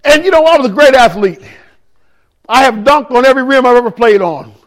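A man with a strikingly high voice delivers a testimony sermon to his congregation. He talks in a raw, street-casual way and speaks straight to the people in the room. His telling turns openly emotional and swells into shouts. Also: animated, a little fast. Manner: addresses listeners directly in the room. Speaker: ministry speaker giving testimony.

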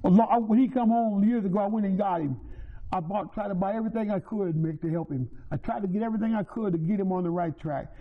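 A man's voice: high voice, quick pace. A man giving a personal church testimony, telling a story with feeling, repeating himself and restarting phrases. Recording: tinny phone-like sound.

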